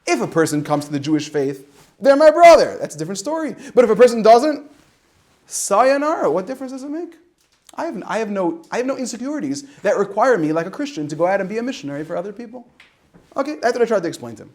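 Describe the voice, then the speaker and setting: Animated rabbi with a lively high voice. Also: male voice, fast talker. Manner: animated storytelling with acted-out dialogue and asides; mixes in Yiddish and Hebrew words. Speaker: rabbi teaching high school students. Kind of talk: informal Torah talk.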